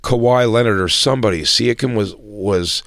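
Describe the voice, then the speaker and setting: A man's voice: fairly low pitch, normal speed, fairly bright tone, no echo, clean studio sound. A man co-hosting a podcast, chatting casually, rambling and swearing as he acts out other people's voices. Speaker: podcast co-host. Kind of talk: casual comedic chat.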